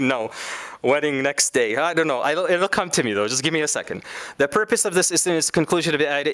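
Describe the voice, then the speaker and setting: A man's voice: medium pitch, fairly bright tone, no room sound. A man teaching an Islamic studies class in a casual, conversational way, now and then acting out quoted speakers.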